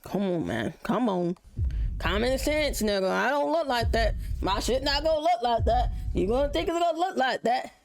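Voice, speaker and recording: A woman's voice: on the high side, normal speed. A woman live-streaming a reaction video, chatting casually and telling stories, swearing freely. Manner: profane, animated storytelling with laughs.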